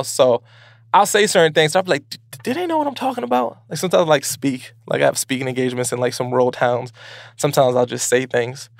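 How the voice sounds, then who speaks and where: A man from Brooklyn hosts his show with loose, slangy energy, bouncing through advice in a playful, animated way. His voice sits a little high for a man and has a gravelly fry running through it. The sound is close and dry, with no room around him. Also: no echo. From Brooklyn, New York. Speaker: podcast host. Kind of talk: casual advice talk.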